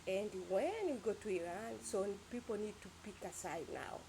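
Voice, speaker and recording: A woman's voice: mid-range voice, moderate pace, background noise. Rambling, emphatic woman vlogger. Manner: emphatic, rambling, with sound-effect words. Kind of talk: casual opinion monologue.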